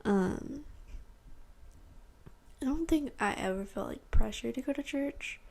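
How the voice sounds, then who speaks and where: This teenage girl from Texas has a high-pitched, lively voice with vocal fry, a slightly mellow quality, and a somewhat slow pace. Hosting a podcast, she gives a rambling personal testimony and acts out what people said to her and what she said.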